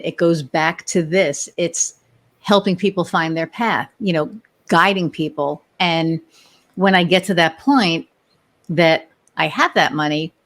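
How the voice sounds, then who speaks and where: A middle-aged woman, a business owner, telling stories in casual chat and acting out the voices of the people she quotes. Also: fairly low pitch. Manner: animated storyteller, acts out quoted voices. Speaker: podcast guest, business owner.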